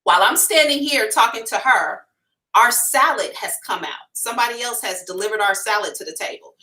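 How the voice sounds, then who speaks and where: A woman hosting a psychic livestream, telling a story to her viewers in a frank, animated way, swearing casually and addressing them directly. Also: a little high, fairly quick, recorded from a distance, rough recording. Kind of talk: storytelling to a live audience.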